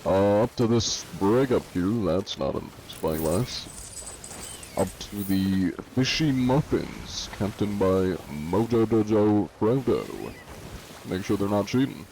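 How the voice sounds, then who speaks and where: A man's voice: lowish voice, slow, a little mellow, a little hiss or hum. A man streaming a pirate game live, reading viewer comments aloud and answering them in a joking, laid-back way. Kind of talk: casual live-stream chat while gaming.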